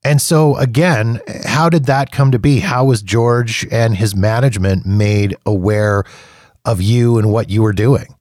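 A male host asks his guest questions in a slow, deliberate manner. His voice sits fairly low, and the sound is close and dry with no room echo. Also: darkish tone. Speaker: podcast host. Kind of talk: interview questions.

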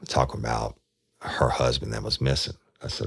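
A former detective telling a true crime story in a rambling, folksy way, swearing casually. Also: male voice, a bass voice, little pitch movement, moderate pace, vocal fry, a bit bright, no echo, clean studio sound.

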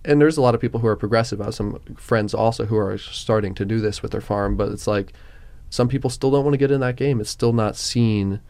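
A man's voice: on the low side, fairly quick. Rambling laid-back male podcast host. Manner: relaxed, rambling with many fillers. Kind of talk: casual chat.

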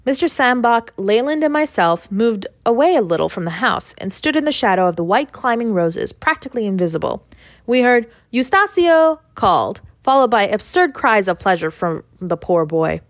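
A woman's voice: medium pitch, lively intonation, fairly quick, few pauses, dry recording. Woman reading a classic tale, dry sound. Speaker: audiobook reader. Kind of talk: audiobook narration of a classic story.

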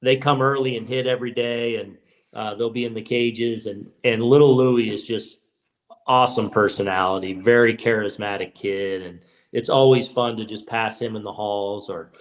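A man in his fifties, a baseball manager and guest, telling stories in relaxed podcast chat, with frequent restarts. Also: lowish voice, moderate pace. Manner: relaxed, many restarts and "you know"s. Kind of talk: casual podcast storytelling.

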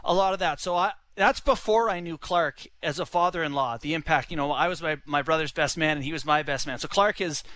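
Rambling young man, high bright voice, casual anecdote. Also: fairly quick, hardly any pauses, low-quality recording. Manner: rambling, lots of "you know" and "like". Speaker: son-in-law telling a story. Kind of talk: casual storytelling.

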